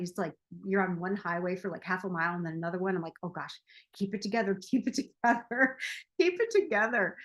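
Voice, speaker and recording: A woman in her forties, a self-help coach, talking casually and laughing often as she tells a personal story. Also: medium pitch. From United States. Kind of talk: casual monologue.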